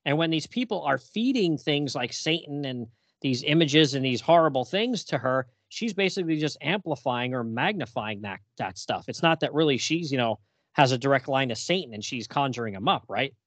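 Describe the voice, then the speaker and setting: A man's voice: medium pitch, expressive, normal speed, a bit bright, dry recording. A man co-hosting a comic book podcast, casually walking through the pages panel by panel and chuckling as he goes. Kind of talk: casual chat.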